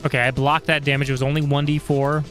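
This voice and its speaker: A man streaming a game, talking excitably, swearing freely, and tripping over words now and then. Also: fairly high pitch, quick pace, soft background music. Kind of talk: casual game commentary.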